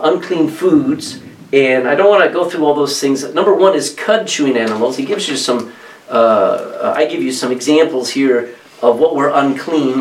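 A man preaching a sermon, reading scripture aloud and explaining it with lively asides. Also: mid-range voice, reverberant, far from the mic, rough recording.

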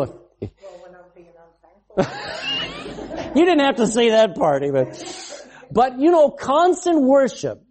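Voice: mid-range voice, warm tone. A preacher delivering an emphatic sermon, firing rhetorical questions at the congregation and acting out quoted speech. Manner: acts out quoted speech in varied voices.

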